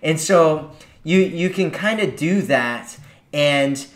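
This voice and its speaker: A man's voice: a little high, lively intonation, slow, roomy sound. A man giving dating advice in a casual podcast monologue, chatty, and often acting out quoted lines in the voices of the people he describes. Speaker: dating coach.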